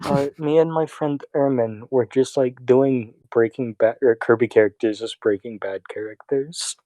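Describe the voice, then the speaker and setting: A young man co-hosting a podcast, chatting casually in a quick, excitable, jokey way. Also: mid-range voice, dry recording, rough recording. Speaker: podcast co-host. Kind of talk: casual chat.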